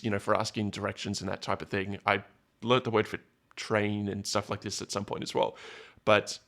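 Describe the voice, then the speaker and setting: Rambling man, lowish voice. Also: fairly bright tone. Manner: rambling, self-correcting, anecdotal. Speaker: political commentator. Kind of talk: solo commentary monologue.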